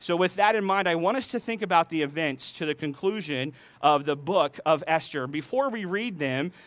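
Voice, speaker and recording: Man, pastor, sermon, high voice, dry close sound, acts out story dialogue. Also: animated, moderate pace, fairly bright tone, no echo. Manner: retells scripture with playful voiced dialogue.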